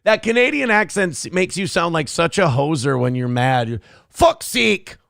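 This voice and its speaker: Host from Minnesota, thirties, profane ranter, gravelly voice, dry close mic. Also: male voice, on the high side, moderate pace, fairly bright tone, dry recording. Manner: profane, ranting. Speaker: show host. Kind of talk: casual live-stream commentary.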